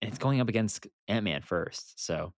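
A man co-hosting a podcast, chatting casually in an excited, joking way. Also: moderate pace, dry recording, clean studio sound. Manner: excited, jokey, lively swings in pitch. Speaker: podcast co-host. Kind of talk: casual chat.

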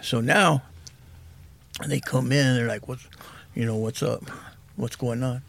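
Gravelly, husky-voiced man in his 50s, soft-spoken guest sharing a raw personal story. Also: medium pitch, steady tone, a little slow. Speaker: podcast guest in recovery.

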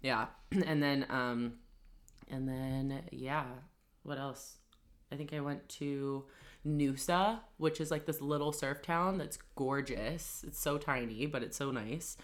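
In a slow, bass voice, a woman co-hosting a podcast chats casually, dropping "like" as a filler over and over in her chatty manner.

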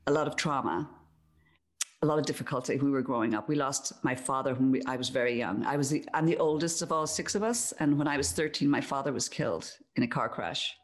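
Low-voiced Irish woman, reflective. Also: quick pace. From Ireland, Donegal. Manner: reflective, storytelling, laughs easily. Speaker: guest. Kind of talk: casual conversation.

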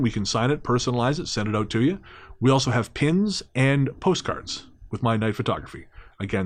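A man co-hosting a podcast, reading sponsor notes and chatting in a rambling, self-mocking way with frequent laughter. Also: lowish voice. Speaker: podcast co-host. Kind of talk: casual podcast banter.

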